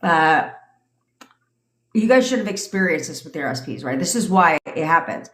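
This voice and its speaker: A woman's voice: sits low, very animated, normal speed. A woman in her thirties, a manifestation coach ranting and answering questions on a casual livestream, blunt and profane, laughing often. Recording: echoey room.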